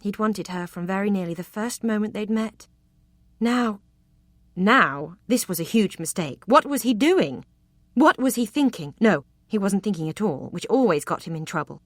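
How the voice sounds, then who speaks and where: A woman narrating a historical romance audiobook in an expressive, intimate storytelling manner. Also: lowish voice, no echo, clean studio sound.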